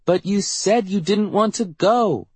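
A man voicing a tearful, stubborn little girl who insists and pleads in a high, strained voice. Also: unhurried, darkish tone, husky, no room sound, heavily acted. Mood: pleading.

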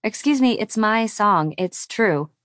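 A woman's voice: mid-range voice, lively intonation, measured pace, fairly bright tone, no echo, clean studio sound. A woman voicing a spirited, stubborn woman who argues emphatically and playfully. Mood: indignant playful. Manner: indignant, emphatic.

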